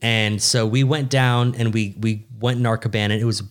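Animated young man telling a story. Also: fairly low pitch, normal speed. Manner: animated, swearing, rambling with restarts. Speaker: podcast co-host. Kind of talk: casual storytelling chat.

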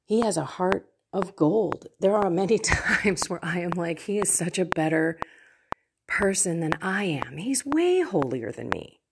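Slow, earnest middle-aged woman reflecting. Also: lowish voice, very animated, noisy background. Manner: earnest, heartfelt, slow and soft at times. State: tearful at moments. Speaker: faith coach and host. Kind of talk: personal spiritual reflection to camera.

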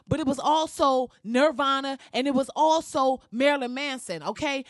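A woman's voice: no room sound, clean studio sound. Sassy, foul-mouthed woman ranting. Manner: blunt, profane and sassy; animated, with sudden jumps in pitch. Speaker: commentator. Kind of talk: casual reaction rant.

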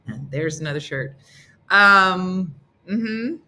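A woman's voice: medium pitch, lively intonation, unhurried, sharp tone. A woman hosting a casual comedic morning show, playful and teasing, often laughing as she talks.

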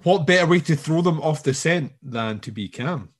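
A man co-hosting a podcast, chatting casually about a show with quick agreeing asides and jokes. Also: on the high side, animated. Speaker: podcast co-host.

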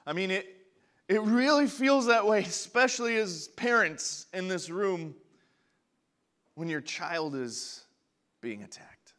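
A young man preaching a sermon to a congregation, passionate, going from quiet and low to loud and high when he acts out prayers. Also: lively intonation, slow pace, long pauses. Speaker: pastor. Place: church before a congregation.

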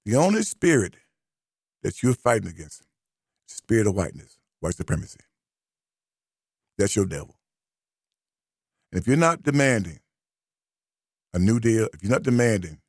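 A man's voice: fairly low pitch, sing-song, normal speed, long pauses, slightly rough, dry recording, clean studio sound. A man hosting a radio talk show, delivering an emphatic, preachy commentary and repeating key phrases for stress. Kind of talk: opinionated radio commentary monologue. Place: radio studio.

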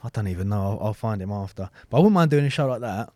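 A man's voice: lowish voice, expressive, fast, warm tone, no room sound, clean studio sound. A young man co-hosting a podcast, chatting casually and often restarting his sentences. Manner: rambling, self-interrupting. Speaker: podcast co-host. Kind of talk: casual chat.

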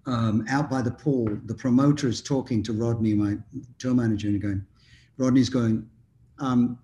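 A man's voice: medium pitch, steady tone, moderate pace, dark tone, muffled recording, a little hiss or hum. An older man, a musician guest, telling long anecdotes in a casual interview, rambling with frequent ums and restarts.

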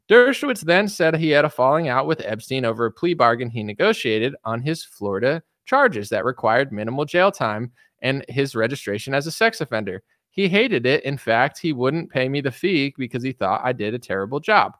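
A man's voice: medium pitch, sing-song, normal speed, a bit bright, no room sound, clean studio sound. Sarcastic man ranting on politics. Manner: sarcastic, blunt, mocking. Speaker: political commentator. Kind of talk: casual opinion rant.

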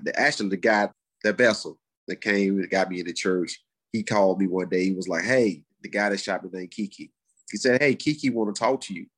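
A middle-aged man, telling his life story in a casual, animated way. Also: slightly rough. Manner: animated, acts out quoted voices in high pitch. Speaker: guest sharing his testimony. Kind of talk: conversational storytelling.

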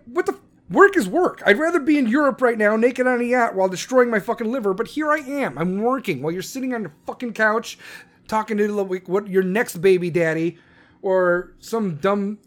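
A man, a parent, delivering a heated, profane rant that keeps stumbling and restarting. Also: high-pitched. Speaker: parent ranting on camera.

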